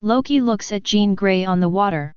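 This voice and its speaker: A woman reading a fanfiction audiobook in a steady storytelling manner. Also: medium pitch, normal speed, clean tone, dry recording. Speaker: audiobook narrator. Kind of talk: scripted narration. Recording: dry, dull lo-fi recording.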